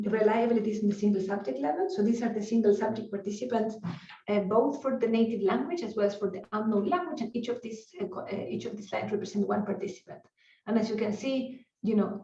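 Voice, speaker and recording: Woman, fairly high voice, conference lecture, chatty with fillers, roomy dull far-off recording. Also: darkish tone. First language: Spanish. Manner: conversational, peppered with "you know" and restarts. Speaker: neuroscience researcher giving a talk.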